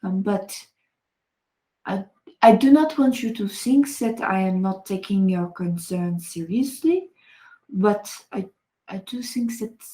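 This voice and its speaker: A woman plays an earnest, cautious leader speaking in a put-on French accent. The delivery is slow and full of hesitations, with formal phrasing and a soft, mellow tone. It sounds like tabletop role-play in character. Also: mid-range voice, roomy sound, lightly acted, poor audio.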